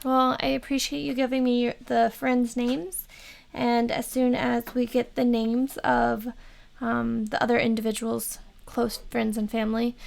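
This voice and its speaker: A woman's voice: on the high side, little pitch movement, measured pace, gravelly, darkish tone. A woman playing a tabletop game, speaking politely and hesitantly with many ums. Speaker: player.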